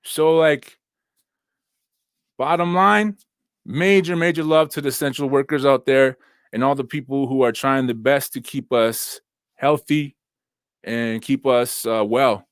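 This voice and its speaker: A man's voice: medium pitch, fairly even intonation, measured pace, pauses often, clear, resonant tone, no echo, studio quality. Laid-back, slangy young man hosting. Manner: laid-back, slangy, lots of fillers and shout-outs. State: recovering from injuries, sitting down. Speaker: host. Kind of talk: casual livestream chat. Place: at home, seated with laptop and phone.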